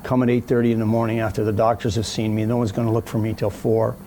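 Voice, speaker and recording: Man, gravelly, mellow tone, animated storyteller, casual interview, faint background noise. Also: on the low side, quick pace. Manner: animated storyteller, acts out quoted voices. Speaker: guest telling a story.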